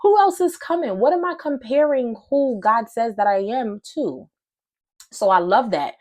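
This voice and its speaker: A woman giving a casual, animated Christian teaching to camera, chatty and excitable, calling her listeners y'all. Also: fairly high pitch, measured pace. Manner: conversational slang, addresses viewers as y'all.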